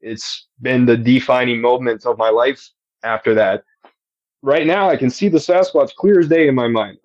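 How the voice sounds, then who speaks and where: A man's voice: medium pitch, dry recording, dull audio. A man telling, earnestly and with emphasis, about a personal encounter as a guest on a podcast. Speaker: eyewitness guest.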